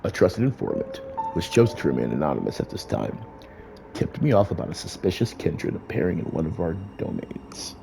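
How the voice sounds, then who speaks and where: A man voicing a calm, formal vampire sheriff in a game, with a deep, soft-spoken, half-whispered delivery. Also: vocal fry, full character voice. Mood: composed. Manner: soft-spoken, measured, courtly. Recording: faint music behind.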